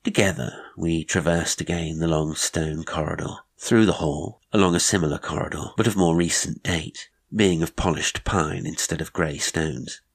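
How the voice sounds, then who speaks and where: A man narrating an old ghost story in a measured, reflective way. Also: sits low, creaky, breathy edge. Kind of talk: audiobook narration.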